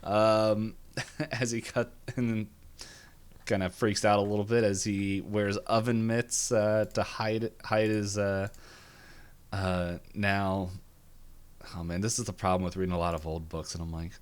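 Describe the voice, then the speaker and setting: A man's voice: on the low side, level tone, a little slow, smooth. A man co-hosting a casual podcast, recapping a cartoon episode, laughing often and acting out characters' lines in silly voices. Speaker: podcast co-host. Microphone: video call or webcam setup.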